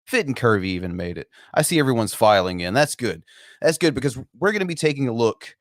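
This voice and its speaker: A man's voice: mid-range voice, big pitch swings, quick pace, no echo, studio quality. A man hosting a livestream in casual chat, stammering and repeating words as he chuckles. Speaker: livestream host.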